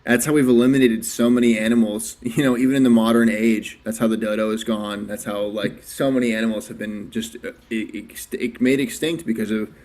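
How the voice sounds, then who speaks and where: A man's voice: fairly low pitch, steady tone, brisk, hardly any pauses, a little mellow. A man as a podcast guest in casual chat, hesitant and thinking aloud with frequent restarts.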